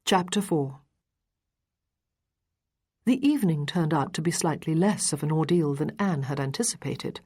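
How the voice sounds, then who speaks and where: Woman audiobook narrator, calm, even, low-pitched, husky. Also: normal speed, pauses often. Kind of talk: scripted narration.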